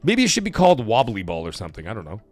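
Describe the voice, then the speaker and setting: A man's voice: lowish voice, wildly swooping pitch, rapid-fire, soft background music. A man hosting a casual live stream, rambling, swearing and saying "like" a lot. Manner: rambling, swears, heavy use of "like". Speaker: livestream host.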